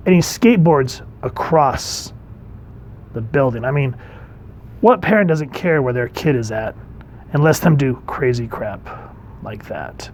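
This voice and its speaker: A man, a dad, casually reviewing an old comic book and reading panels aloud in a chatty, relaxed way. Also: mid-range voice, measured pace, long pauses, slight background noise.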